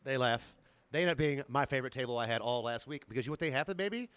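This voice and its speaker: A man tells restaurant stories quickly and with energy, jumping in to act out the customers he served. The sound is dry and close, with no room around his voice. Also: mid-range voice, fairly bright tone, smooth, dry recording. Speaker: podcast co-host and restaurant server. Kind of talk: casual storytelling chat.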